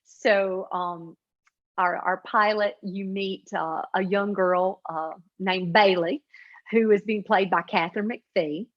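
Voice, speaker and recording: A woman with a flat, nasal upstate South Carolina Appalachian accent, chatting in an interview with lots of fillers and restarts. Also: mid-range voice, slow pace, muffled recording. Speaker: author and comedy creator. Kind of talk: interview answers.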